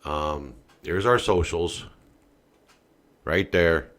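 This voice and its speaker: Low-voiced guy ranting on his podcast, cussing a lot, goes quiet then yells. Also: drawn-out words. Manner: profane, swinging from muttering to shouting. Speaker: podcast host. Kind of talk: political commentary rant.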